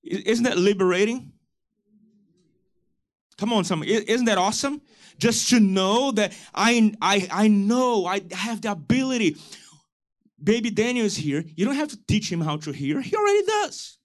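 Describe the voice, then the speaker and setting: A man preaching a church sermon, building to loud, emphatic calls to the congregation. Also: high voice, lively intonation, normal speed. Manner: preaching with rising shouted emphasis and call-and-response. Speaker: pastor.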